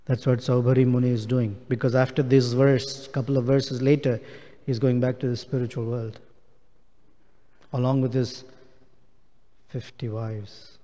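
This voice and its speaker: A man's voice: medium pitch, level tone, a little slow, pauses often, dark tone, in a large hall. A man giving a devotional scripture class, explaining a Sanskrit verse word by word. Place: temple hall.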